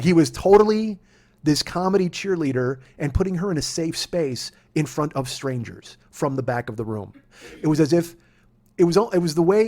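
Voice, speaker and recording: A man in his forties hosting a podcast, telling a rambling, profane story in casual storytelling. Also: fairly high pitch. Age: 40s. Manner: profane, rambling, gets worked up and shouty. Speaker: podcast host.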